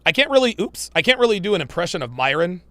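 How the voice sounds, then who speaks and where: A man's voice: high-pitched, big pitch swings, fast, sharp tone, no room sound. A man hosting a podcast, reacting to clips in blunt, profane casual commentary with lots of emphatic repetition.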